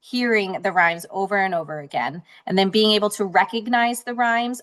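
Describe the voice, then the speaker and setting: A woman's voice: mid-range voice, normal speed, hardly any pauses, a bit bright. A woman teacher presenting a parent workshop, informative, with the odd filler.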